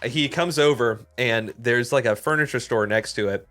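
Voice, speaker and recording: A man, a podcast co-host, telling a story in casual, animated chat, full of swearing and fillers. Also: mid-range voice, normal speed, faint music behind. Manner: animated, swears a lot, heavy use of "like".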